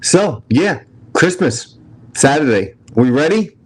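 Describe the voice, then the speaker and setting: A man's voice: fairly high pitch, sing-song, takes it slowly, darkish tone, slightly rough, poor audio. Brash, foul-mouthed New York man. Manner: brash, profane, joking. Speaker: livestream host. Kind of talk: casual chat with chat viewers.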